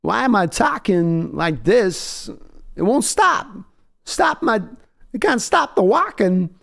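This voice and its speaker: A man putting on a comic celebrity impression of a man trapped in a halting, oddly phrased voice. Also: high-pitched, big pitch swings, gravelly, a bit bright, pitched above the performer's own voice, exaggerated voice. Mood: panicked. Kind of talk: comic impression on a live stream.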